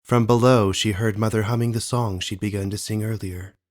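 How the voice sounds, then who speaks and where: A man reads an audiobook in a low voice. His narration is calm and measured. He tells the story in a steady, even way. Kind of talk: scripted narration.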